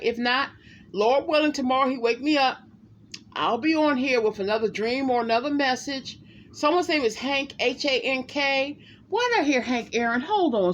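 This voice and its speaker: A woman's voice: fairly high pitch, highs cut off, a little hiss or hum. A woman psychic reader talking casually and emphatically to her viewers in a vlog, often addressing them directly. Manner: emphatic, animated, talks to viewers as "y'all".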